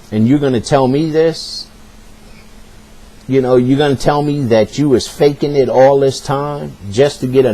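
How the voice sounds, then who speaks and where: A man at an ordinary, middle pitch recounts something that happened to him in plain, casual speech. He sounds earnest and wounded, talking straight to the listener as if they are sitting across from him. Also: dark tone. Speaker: personal storyteller. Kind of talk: casual spoken storytelling.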